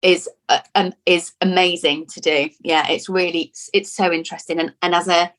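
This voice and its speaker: A woman's voice: lowish voice, flat delivery, normal speed, a bit bright. A woman from Lincoln in England, an actress talking in a casual interview, chatty and full of restarts and repeated words. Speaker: actor being interviewed.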